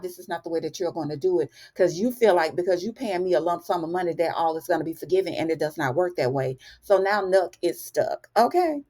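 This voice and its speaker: A woman's voice: lowish voice, darkish tone. A woman recapping a TV drama episode in a chatty, casual way, calling the listener honey and baby. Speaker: TV recap host.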